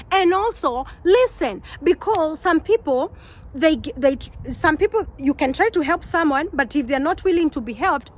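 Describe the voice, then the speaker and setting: A woman's voice: high-pitched, slight background noise, rough recording. A Kenyan woman giving earnest, heartfelt advice in a casual vlog, often repeating her points. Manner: earnest, repeats herself, animated quoting. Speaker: vlogger.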